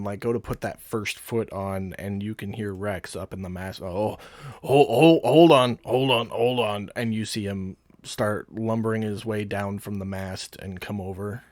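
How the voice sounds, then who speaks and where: A man narrating as game master in a relaxed, casual way, with filler words. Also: lowish voice, a little slow, no echo.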